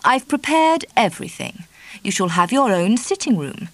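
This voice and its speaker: Storybook figure: earnest, effusive middle-aged woman, as a female narrator puts her on, cool, distinguished tone, raised pitch, dry read. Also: big pitch swings, moderate pace, no echo. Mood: pleading. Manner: pleading, effusive.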